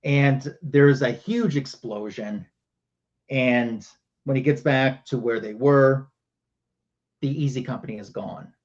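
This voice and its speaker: A man's voice: medium pitch, slow pace, pauses often, highs cut off. A man hosting a livestream who retells a comic book panel by panel. He talks casually and uses a lot of fillers. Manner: casual storytelling with many fillers. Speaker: show host.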